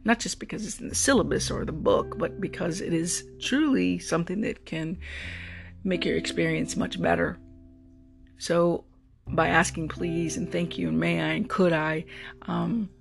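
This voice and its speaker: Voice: medium pitch, moderate pace, creaky. A rideshare driver talking through a casual, reflective monologue, often repeating words while searching for the next thought. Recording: guitar music playing under the voice. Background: guitar music.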